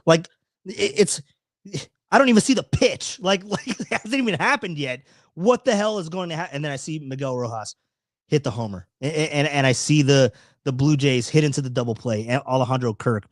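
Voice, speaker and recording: Male stream host, fairly high voice, rambling and animated, swears, dry close sound. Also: dry recording. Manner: rambling, animated, swears freely, many restarts. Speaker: podcast host. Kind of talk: casual live-stream chat.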